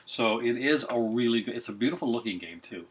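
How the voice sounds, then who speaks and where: A man's voice: mid-range voice, expressive, fairly quick, noisy background. A man hosting a casual group chat, rambling, joking and laughing often. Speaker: podcast host.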